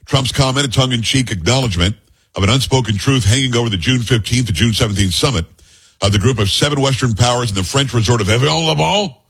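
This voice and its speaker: Male talk radio host, slightly husky, conversational news reader with blunt asides. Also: mid-range voice, quick pace, a bit bright. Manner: reads news aloud with blunt personal asides. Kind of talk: opinionated talk radio commentary.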